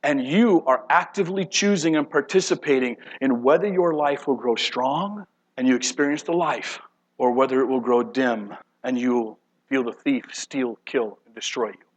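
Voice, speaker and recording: A man preaching a sermon dramatically, shifting between loud outbursts and hushed, low passages. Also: normal speed, low-quality recording. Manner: dramatic, acts out voices of God and angels, swings from loud to hushed. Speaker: pastor.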